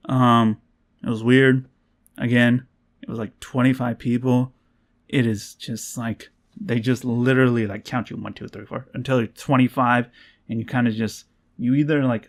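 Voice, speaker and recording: A young man vlogging a casual, rambling recap, swearing freely and laughing as he acts out quotes. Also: medium pitch.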